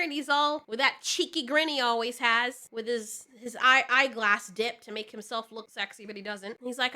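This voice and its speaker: A woman's voice: fairly high pitch, steady tone, moderate pace, few pauses, pushed and bright. A woman ranting in a profane, exasperated reaction commentary, often sputtering and laughing as she reviews a TV finale. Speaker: video reviewer.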